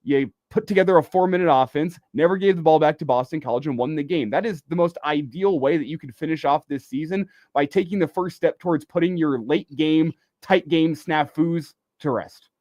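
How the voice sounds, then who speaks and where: A male sports radio host who breaks down the game in an emphatic, argumentative manner. His voice sits a bit high for a man, and the sound is close and dry from a studio mic. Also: a little fast, hardly any pauses, a little mellow, no echo. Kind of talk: sports talk radio analysis.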